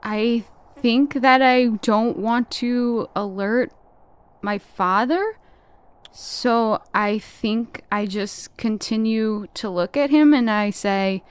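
A woman's voice: on the high side, slow pace, smooth. A woman playing a tabletop game, describing her character's actions and rolls in a playful way. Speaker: player.

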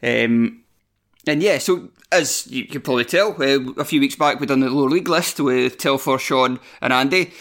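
A man's voice: mid-range voice, fairly bright tone. A man hosting a casual podcast, joking at his own expense, swearing and laughing often. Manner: self-deprecating, swears freely, laughs often. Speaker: stand-in podcast host.

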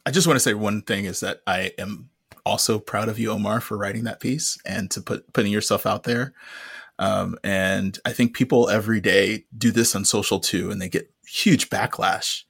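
A man co-hosting a podcast, speaking earnestly with frequent halting restarts. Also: lowish voice, steady tone, creaky, fairly bright tone, breathy edge, no room sound, studio quality. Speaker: podcast co-host. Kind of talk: casual conversation.

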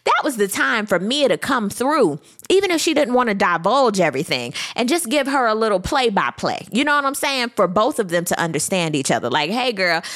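A woman's voice: medium pitch, very animated, brisk, hardly any pauses, a bit bright. A woman giving a casual, sassy recap, talking through the drama and quoting people with exaggerated flair. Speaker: reality TV recap host.

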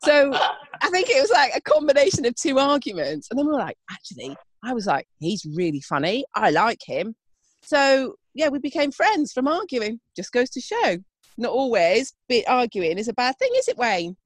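Animated teasing British woman. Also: high-pitched, moderate pace, dry recording. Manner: teasing, sweary, animated storyteller. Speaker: podcast co-host. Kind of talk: casual chat.

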